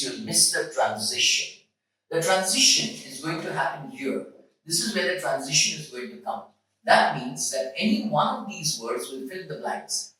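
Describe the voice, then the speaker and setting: Test prep tutor, emphatic and repetitive, bright tone, distant echoey recording. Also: medium pitch. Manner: emphatic, repeats key points, asks rhetorical questions. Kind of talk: classroom-style lesson explanation. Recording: echoey room, mic far off.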